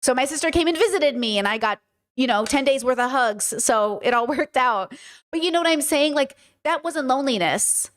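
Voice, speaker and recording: A woman's voice: high voice, expressive, moderate pace, fairly bright tone. A young adult woman hosting a livestream, talking frankly to her chat and swearing freely for emphasis. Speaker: podcast host.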